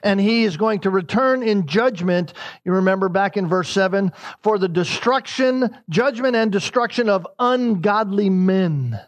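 A man preaching a sermon in a high voice. He is emphatic and repeats his key lines. His pitch climbs even higher when he stresses a point. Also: unhurried, dull audio. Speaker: pastor.

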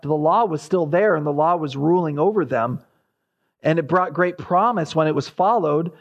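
A man preaching an expository sermon, his voice rising sharply as he voices the prophet's cries. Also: on the high side.

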